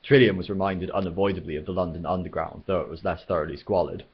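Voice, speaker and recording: Deep, husky male storyteller, steady read, dull lo-fi recording. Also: fast. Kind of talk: reading a novel aloud.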